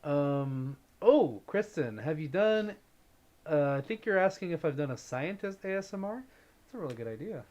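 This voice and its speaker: A man's voice: on the high side, very animated, normal speed, a little mellow, muffled recording. A man hosting a casual livestream, chatting and reading viewer comments aloud in an upbeat way, greeting viewers by name. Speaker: livestream host.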